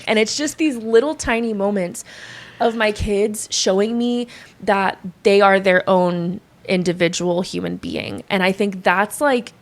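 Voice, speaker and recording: A woman in her thirties talks as a podcast guest. She tells her story casually and with energy. She often acts out what others said to her. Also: mid-range voice. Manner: animated, quotes others often.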